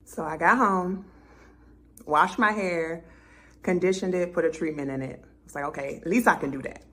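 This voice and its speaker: Young woman, low-pitched voice, chatty vlog storytelling, animated. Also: normal speed. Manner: chatty, animated, acts out her own conversations. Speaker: vlogger. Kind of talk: casual storytelling to camera.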